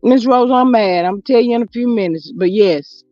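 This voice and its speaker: A woman's voice: on the high side, moderate pace, a little mellow, no echo. A woman hosting a casual livestream, chatty and sassy, greeting her viewers by name. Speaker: YouTube livestream host. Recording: dull lo-fi audio with faint music.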